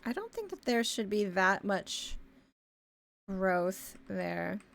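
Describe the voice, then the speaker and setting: A woman from Ontario, chatting casually as a live streamer while she draws. She thinks aloud with many fillers and often trails off into quiet mumbles. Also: medium pitch, sing-song, slow pace, vocal fry. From Canada, Ontario. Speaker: live streamer and pixel artist. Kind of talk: casual chat while drawing.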